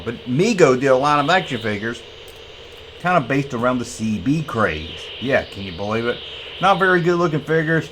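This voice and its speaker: A man's voice: mid-range voice, a bit bright, a little hiss or hum. Wry middle-aged man reviewing old toys. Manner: joking, wry asides, drawn-out emphasis. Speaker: toy collector host. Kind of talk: casual toy review chat.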